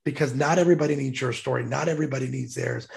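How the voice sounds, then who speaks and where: Gravelly-voiced man, heartfelt storyteller. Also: medium pitch, rapid-fire, a little mellow. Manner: heartfelt, emphatic, choked up at times. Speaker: guest, military veteran. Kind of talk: emotional storytelling.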